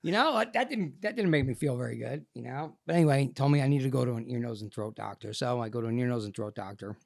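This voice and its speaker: Gravelly middle-aged New man telling a story. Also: medium pitch, quick pace, no echo, studio quality. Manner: animated storytelling, swearing, acting out quotes. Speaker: podcast guest, actor. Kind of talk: storytelling interview.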